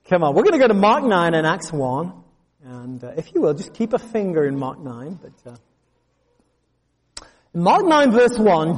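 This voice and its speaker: This man's voice sits high, and a long reverb tail trails after his words. Preaching to a congregation, he spins lively stories and performs the voices of their characters.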